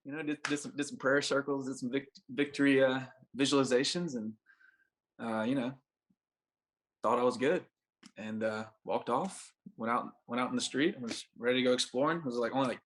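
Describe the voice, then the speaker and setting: With a mid-range voice, a steady tone, and a brisk pace, a young man tells a long, casual story as a guest on a podcast. A baseball pitcher, he rambles in a laid-back way, backtracking and restarting and saying "like" in nearly every sentence.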